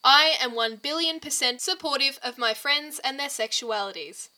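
Woman doing hyper teasing young dude, begging and pushy, bright voice. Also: high-pitched, moderate pace, pitched above the performer's own voice. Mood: playful. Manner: eager, teasing, wheedling. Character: excitable young man, pushy and playful.

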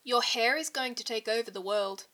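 A woman voicing an excitable young man who teases and wheedles his friends. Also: fairly high pitch, normal speed. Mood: playful. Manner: eager, teasing, wheedling.

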